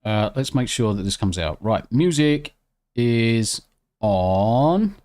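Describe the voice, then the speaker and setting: A British man chatting casually on a live stream. He reacts excitably to chat and swears freely. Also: lowish voice, moderate pace. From United Kingdom. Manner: excitable, swears freely, talks while eating.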